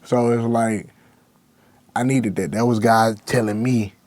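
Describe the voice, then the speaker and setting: A man's voice: medium pitch, steady tone, measured pace, a little mellow, dry recording. A young man, a rapper guest, talking candidly and emotionally in slang-heavy speech. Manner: raw, emotional, slangy with constant "bro". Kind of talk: candid interview talk.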